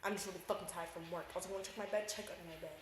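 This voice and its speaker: A young woman co-hosting a podcast, telling stories fast and acting out quotes, with plenty of swearing. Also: lowish voice, a loud crowd. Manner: animated storytelling, acts out quotes, swears freely. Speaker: podcast co-host. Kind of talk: casual chat. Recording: echoey room with faint noise.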